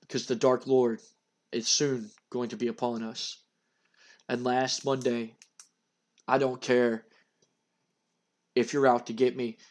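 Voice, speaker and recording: Man doing a menacing undead male wrestler, low, slow, ominous, threatening. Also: level tone, natural voice.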